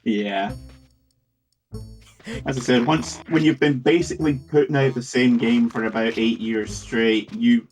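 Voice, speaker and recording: A man co-hosting a game stream, chatting in a relaxed, agreeable way. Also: mid-range voice, unhurried, faint music behind. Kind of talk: casual let's-play commentary.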